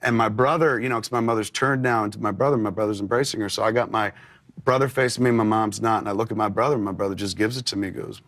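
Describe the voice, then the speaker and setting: A man's voice: on the low side, fairly bright tone. A man in his forties, an interview guest, telling a personal story candidly with many fillers.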